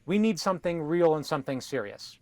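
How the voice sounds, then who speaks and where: Man, politician, TV interview answer, emphatic, speechlike, slightly high voice, dry sound. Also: expressive, brisk, no room sound.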